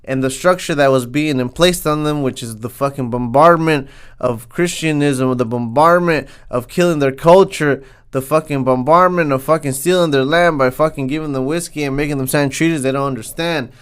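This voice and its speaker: Young man, podcast host, profane rant, heated, smooth voice, slightly high. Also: normal speed, a bit bright. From Southern California. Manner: heated, swears constantly, says "man" a lot.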